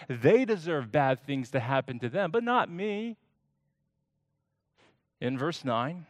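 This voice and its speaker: A man's voice: mid-range voice, dry recording, clean studio sound. A man preaching a sermon to his church, explaining a scripture passage and acting out quoted lines with dramatic emphasis. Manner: slow, deliberate preaching with dramatic voiced quotes. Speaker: pastor.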